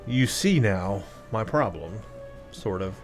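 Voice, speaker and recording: A man's voice: lowish voice, lively intonation, slow pace, soft background music. Exasperated man narrating his gameplay. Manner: self-deprecating, exasperated musing. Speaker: let's play host. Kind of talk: gameplay commentary.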